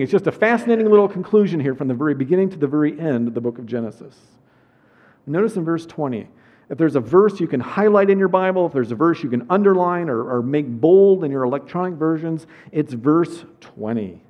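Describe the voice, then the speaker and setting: Male pastor, slightly high voice, conversational sermon, dull lo-fi recording. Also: expressive, brisk. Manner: conversational, reads verses then explains. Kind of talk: sermon with scripture reading.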